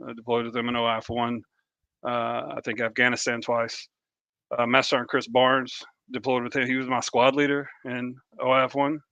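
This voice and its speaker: A middle-aged man, a veteran co-hosting a podcast, speaking earnestly and haltingly, with frequent restarts. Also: mid-range voice, completely flat delivery, bright, forceful tone, dry recording, lo-fi sound. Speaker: podcast co-host, army veteran. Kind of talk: candid podcast talk. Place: remote podcast call.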